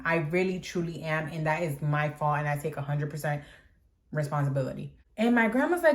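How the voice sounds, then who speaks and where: A woman's voice: on the low side, fairly quick. Chatty young woman telling a dramatic story. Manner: chatty, dramatic, heavy on fillers like "like". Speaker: vlogger. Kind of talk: storytime vlog.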